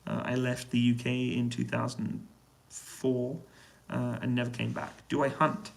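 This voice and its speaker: A British man in a hotel room, answering viewers' questions on a casual, relaxed live stream and keeping his voice down so he doesn't wake anyone. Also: medium pitch, unhurried, vocal fry, rough recording. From United Kingdom. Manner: relaxed, quiet voice to avoid waking neighbours. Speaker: livestream host answering chat questions. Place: hotel room on an army base.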